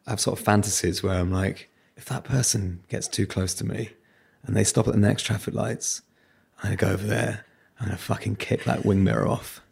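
A man's voice: fairly low pitch, steady tone, fairly quick, gravelly, a little mellow, breathy edge. A British man and radio presenter, a guest in a casual interview, talking candidly and telling self-mocking stories.

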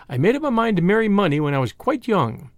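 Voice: mid-range voice, sing-song, dry recording, lightly acted. A reader voicing breezy, scheming young woman. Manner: brisk, breezy and teasing. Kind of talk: audiobook reading.

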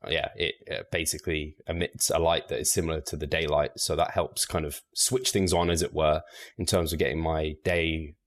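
A man, a guest on a podcast, talking in a relaxed, measured way with light laughs. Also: a bass voice. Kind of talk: casual podcast interview.

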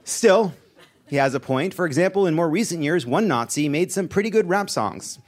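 A man anchoring a satirical comedy news segment, delivering jokes deadpan and breaking into asides. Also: on the high side, normal speed, some chatter behind, a little hiss or hum.

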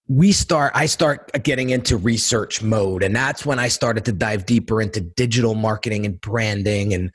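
A middle-aged man telling his life story in a casual interview, animated, acting out quotes and often repeating words. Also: on the low side, no room sound. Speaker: guest entrepreneur and designer.

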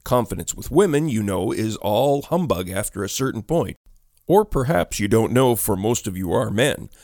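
A man narrating a ghost story in a measured storytelling delivery. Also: lowish voice, expressive, a little mellow, no echo, clean studio sound.

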